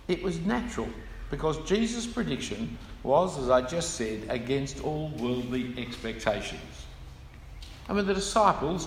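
A man's voice: mid-range voice, slight background noise. A man preaching a sermon, explaining scripture with emphatic stresses and asides. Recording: echoey hall with room ambience.

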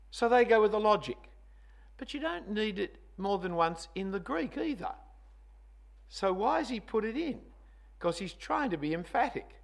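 A man's voice: high-pitched, creaky. A male preacher giving a sermon, conversational with teasing asides, hitting single words hard for emphasis.

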